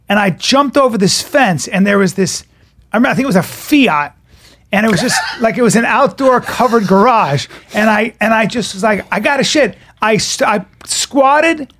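Brief: higher-voiced man from New York, profane, rambling anecdote teller in a casual podcast. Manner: profane, animated storytelling with restarts.

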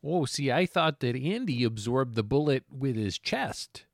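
A man's voice: mid-range voice, lively intonation, measured pace, gravelly. A man voicing a chatty, folksy middle-aged townsman who talks with hesitant fillers.

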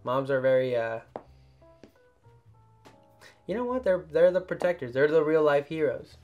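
Young man telling animated podcast stories. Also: on the high side, measured pace, lo-fi sound, faint music behind. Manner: animated storytelling, swings into loud mock voices. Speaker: podcast host. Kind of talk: casual podcast chat.

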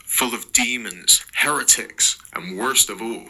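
A man with an Irish accent voicing a gruff, foul-mouthed male soldier who barks in exasperation. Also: medium pitch, a little slow, sharp tone, rough recording. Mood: exasperated. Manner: exasperated, swearing, barking.

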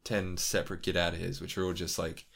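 A man's voice: sits low, level tone, quick pace, gravelly, a bit bright. A young man in a casual interview, rambling, laughing often and swearing freely. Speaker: YouTuber guest.

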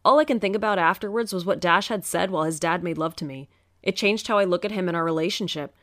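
A woman's voice: lowish voice, fast talker, a bit bright, no echo, clean studio sound. A woman narrating a first-person story in an earnest, emotional storytelling manner.

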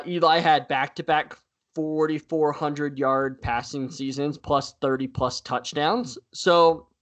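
A man co-hosting a casual sports podcast, talking in an animated way with frequent fillers and easy laughter. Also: on the high side. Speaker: podcast co-host.

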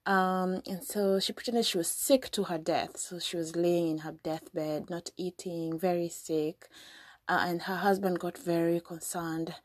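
A woman's voice: fairly low pitch, fairly even intonation, measured pace, no echo, clean studio sound. A woman from Kenya hosting a podcast, chatty and casual as she retells a folk story with lots of fillers. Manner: chatty, frequent fillers and restarts. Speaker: podcast host.

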